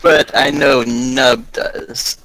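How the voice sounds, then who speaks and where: A man playing a tabletop game, brash and quick to react. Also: medium pitch, steady tone, gravelly, pushed and bright, low-quality recording. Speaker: player.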